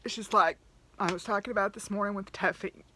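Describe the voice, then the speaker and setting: A woman, talking in a rambling, candid diary vlog with soft laughs and fillers. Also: medium pitch, steady tone, quick pace, slight background noise. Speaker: vlogger.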